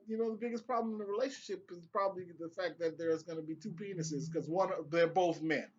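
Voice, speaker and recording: The audio is dull as a young man with a mid-range voice rambles about a freshly watched TV episode. His review is casual and profane, with laughing asides.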